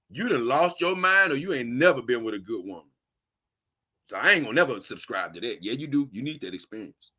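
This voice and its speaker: Guy hosting a stream, preachy and blunt, real sharp forceful voice. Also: mid-range voice, animated, a little fast, breathy edge. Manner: blunt, preachy, slangy advice. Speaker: host reading viewer comments. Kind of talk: casual livestream talk.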